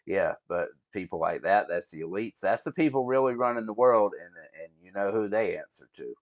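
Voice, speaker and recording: Guy rambling thru a reaction vid, kinda low voice, swears a lot, dead dry sound. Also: lively intonation, a little fast, no room sound. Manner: rambling, swears, talks to viewers as guys. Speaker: reaction video host. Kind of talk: casual reaction commentary.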